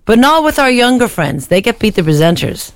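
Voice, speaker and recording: An Irish woman co-hosting a breakfast radio show, speaking straight to listeners in an upbeat, teasing way. She has a fairly low voice for a woman. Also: very animated, fairly quick, no echo. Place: radio studio.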